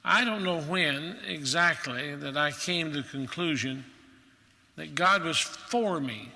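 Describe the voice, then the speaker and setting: A man's voice: a little high, sharp tone, in a large hall. A male preacher delivering a sermon in an earnest, emphatic manner.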